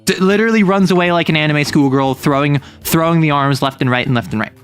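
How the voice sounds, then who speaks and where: A man's voice: on the high side, fast, clean tone, soft background music. A man livestreaming in a casual chat, retelling a manga plot with jokes and playful asides. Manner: animated, joking, with playful asides.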